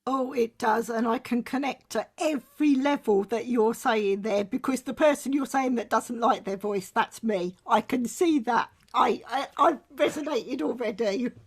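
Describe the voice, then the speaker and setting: A woman's voice: fairly high pitch, moderate pace, few pauses, breathy edge. A woman guest on a podcast, replying in an earnest, agreeing way. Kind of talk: conversational podcast talk.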